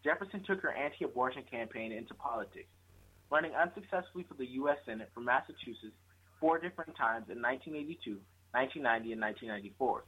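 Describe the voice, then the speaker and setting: A man's voice: mid-range voice, lively intonation, fast, sharp tone, slightly rough. A man reading a prepared tribute aloud, stumbling on some words and correcting himself. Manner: reads with slips and corrections. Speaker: guest presenter. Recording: tinny phone line.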